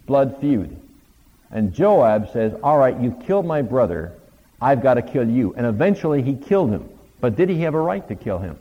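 A man giving a conversational Bible lecture, retelling the stories with quoted lines of dialogue. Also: medium pitch. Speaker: Bible teacher. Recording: lo-fi recording with long hall reverb.

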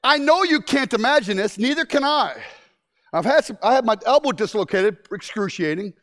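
A man preaching a sermon, telling stories in an animated way with frequent restarts. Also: very high voice, moderate pace.

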